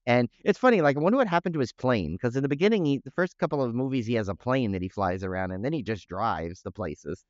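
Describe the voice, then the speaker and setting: Guy chatting on a podcast, rambly, lots of restarts, smooth voice, kinda dull dry mic sound. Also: mid-range voice, quick pace, hardly any pauses, no room sound. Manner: rambling, animated, many restarts and fillers. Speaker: podcast co-host. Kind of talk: casual chat.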